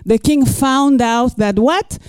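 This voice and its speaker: A middle-aged woman pastor preaching a sermon and reading scripture, expressive, with playful asides and rhetorical questions. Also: sits high, slow pace, smooth, no room sound.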